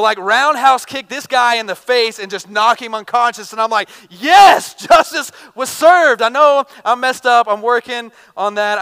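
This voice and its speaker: A man in his thirties preaching a sermon in an earnest, conversational way, shifting between loud bursts and quiet intensity. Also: sits high, clean tone. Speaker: pastor. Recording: reverberant hall.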